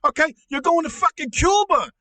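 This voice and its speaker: A man playing an angry middle-aged uncle in a comedy podcast, ranting loudly, swearing and stammering. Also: very high voice, animated, normal speed, no echo, exaggerated voice. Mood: furious ranting. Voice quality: shouty, profane, stammering. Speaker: podcast co-host. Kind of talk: comedic rant.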